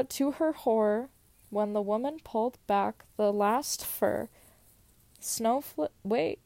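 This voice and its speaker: Young woman, casual storyteller, fairly high voice, dry close sound, slips and cusses in asides. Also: slow pace, vocal fry, darkish tone, no echo. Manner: stumbles and laughs at own slips, swears in asides. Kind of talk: casual reading of old stories aloud.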